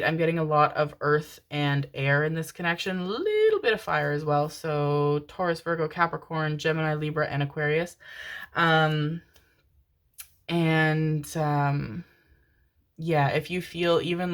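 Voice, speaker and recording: Give me a woman with a low, deep-set voice for a channeled tarot reading. She speaks to her viewers gently and affectionately, calling them darlings and babies. She stays casual and lets the odd swear word slip. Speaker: tarot card reader.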